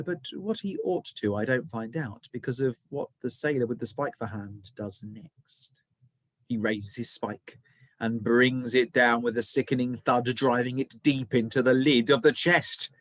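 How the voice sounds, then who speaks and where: A male teacher reading a children's novel aloud, with expressive, dramatic storytelling. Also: medium pitch, measured pace, dry recording.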